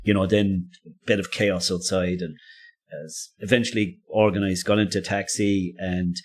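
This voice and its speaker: Male podcast co-host, low-pitched, loose anecdotal delivery, restarts and chuckles. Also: level tone, normal speed. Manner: rambling, self-interrupting, laughs often. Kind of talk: casual storytelling.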